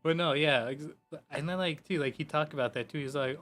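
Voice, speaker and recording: A man streaming a game, chatting casually and loosely, swearing and filling every pause with "like" and "you know". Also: fairly high pitch, a bit bright, soft background music. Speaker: gaming streamer. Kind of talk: casual rambling chat.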